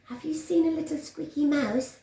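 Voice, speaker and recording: A woman voicing a prowling cat in a storybook reading, speaking slowly with sly menace. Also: sits high, steady tone, warm tone, voice pushed up. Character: prowling cat hunting a mouse. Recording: roomy echo.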